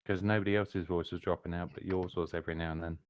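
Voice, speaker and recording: A man playing in an online tabletop game, measured and skeptical in how he talks. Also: low voice, steady tone. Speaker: player. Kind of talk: casual chat during an online game.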